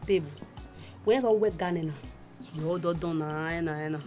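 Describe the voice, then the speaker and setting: A woman's voice: lowish voice, a little slow, warm tone, faint music behind, close to an everyday voice. An actress playing a teasing young female friend with a Nigerian accent, laughing through banter.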